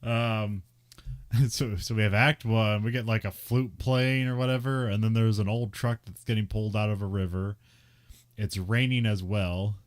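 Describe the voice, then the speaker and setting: Casting: young adult man, slightly low voice, loose rambling podcast banter, laughs a lot. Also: steady tone, normal speed. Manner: laughs often, rambling with many fillers. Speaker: podcast co-host. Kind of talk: casual chat.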